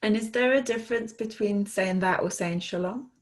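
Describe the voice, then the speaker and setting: A woman taking part as a student in a live online language lesson, cheerful and quick to laugh. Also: mid-range voice. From half Scottish. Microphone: video call.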